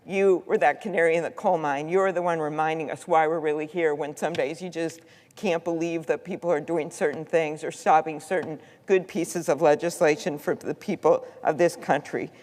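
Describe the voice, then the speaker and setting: Senator, mid-pitched voice, heartfelt storytelling tribute, long reverb in a large chamber. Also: steady tone, moderate pace, darkish tone. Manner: heartfelt, storytelling, with filler ums. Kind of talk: floor speech tribute.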